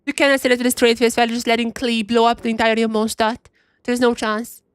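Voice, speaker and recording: A young woman streaming a game and commentating emphatically, repeating herself and brushing off ideas quickly. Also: a little high, flat delivery, clean tone, no room sound. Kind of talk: live gameplay commentary.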